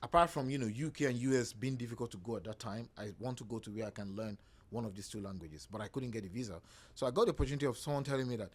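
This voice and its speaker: A man's voice: mid-range voice, fast, husky. A man from Nigeria, a podcast guest telling stories and acting out other people's lines in quoted voices. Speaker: podcast guest, real estate agent. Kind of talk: casual storytelling conversation.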